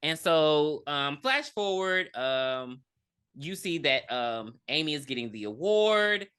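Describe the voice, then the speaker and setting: A woman co-hosting a podcast, casually recapping a movie, acting out characters' lines in high squeals and swearing freely. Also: expressive, slow pace, fairly bright tone, clear, resonant tone. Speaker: podcast co-host. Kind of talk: casual movie review chat.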